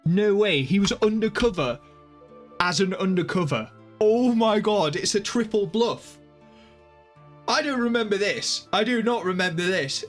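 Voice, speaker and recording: A male streamer with a slightly sore throat, reacting loudly to a game's twists. His voice is animated, leaping up and down as he jokes. Faint game music plays underneath. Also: high voice, a little slow. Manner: excitable, jokey, reacting out loud. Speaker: gaming streamer. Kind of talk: live game commentary.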